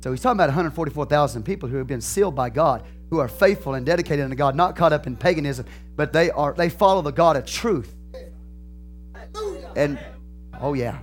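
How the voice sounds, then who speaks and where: A high-voiced Texan man preaches a sermon as pastor. He moves between steady explanation and loud, fervent proclamation, with faint music playing behind him. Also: brisk. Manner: builds from calm teaching to loud, fervent preaching.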